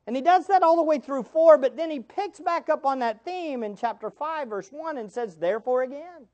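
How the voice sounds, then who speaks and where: A man's voice: very high-pitched, normal speed, darkish tone. Emphatic male pastor preaching, muffled. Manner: emphatic, repeats key phrases, addresses listeners directly. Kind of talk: sermon. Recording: dull lo-fi sermon recording.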